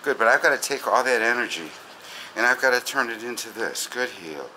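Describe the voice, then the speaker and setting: A male dog trainer who explains each step and then calmly repeats short praise and commands. He is filmed by a helper holding the camera. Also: mid-range voice, brisk, slight background noise, poor audio. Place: indoors and along an outdoor path. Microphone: camera held by a helper.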